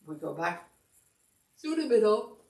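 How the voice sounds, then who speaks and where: A woman's voice: mid-range voice, a little slow, creaky, recorded from a distance. Sleepy massage teacher, woman, echoey room. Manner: calm step-by-step guidance, counting aloud. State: sleepy, yawning. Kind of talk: instructional class demonstration. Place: massage studio.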